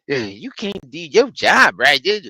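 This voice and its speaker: A man's voice: on the high side, big pitch swings, unhurried, sharp tone, no echo, voice pushed up, heavily acted. A man voicing a rude, entitled middle-aged woman customer who talks down to a cashier in a demanding, contemptuous way. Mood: scolding.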